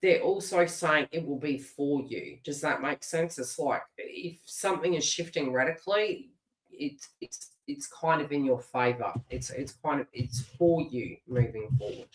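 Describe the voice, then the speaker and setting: A woman's voice: deep voice, a little slow. A middle-aged Australian woman giving a live tarot reading and chatting casually, laughing often and restarting her phrases. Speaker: tarot reader. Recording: roomy echo.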